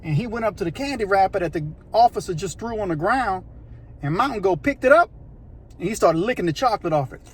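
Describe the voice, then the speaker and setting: A man telling a prison story in a casual, animated, slangy way, acting out voices and sounds. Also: sits high, quick pace, breathy edge. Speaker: storyteller recounting prison life.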